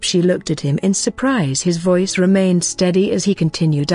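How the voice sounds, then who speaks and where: A computer-like narrator reading a fantasy romance story recap in an even, measured way. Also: medium pitch, breathy edge.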